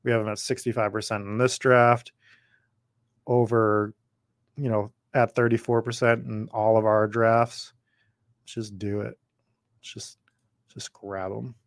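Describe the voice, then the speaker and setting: Low-voiced man chatting casually while drafting. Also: little pitch movement, unhurried, long pauses, no room sound, clean studio sound. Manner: rambling, chatty, reads and answers viewer comments. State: slightly losing his voice. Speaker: podcast host. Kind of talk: casual live drafting commentary.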